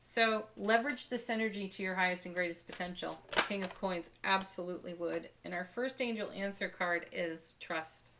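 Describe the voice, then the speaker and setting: A woman giving a daily tarot card reading, speaking softly and warmly with gentle enthusiasm and frequent light laughs. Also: medium pitch, moderate pace, background noise. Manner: soft, spiritual, gently enthusiastic, laughs often.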